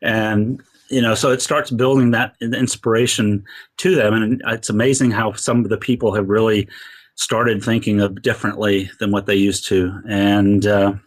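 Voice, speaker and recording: Earnest rambling man, lowish voice. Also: steady tone, moderate pace. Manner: earnest, rambling with many fillers. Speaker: podcast guest. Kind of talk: casual interview talk.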